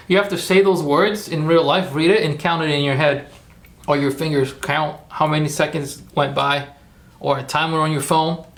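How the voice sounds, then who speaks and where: A man live-streaming while he works on his computer, rambling and thinking out loud, talking to his chat. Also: a little high, creaky. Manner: thinking aloud, rambling, self-correcting. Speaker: streamer making AI videos. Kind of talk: live-stream screen-work commentary.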